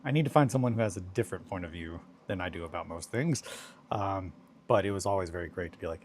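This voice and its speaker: A man's voice: sits low, quick pace, darkish tone, slight background noise. Rambling laid-back hobby streamer man. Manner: rambling, self-deprecating, laughs often. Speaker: hobby livestream host. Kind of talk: casual chat while crafting.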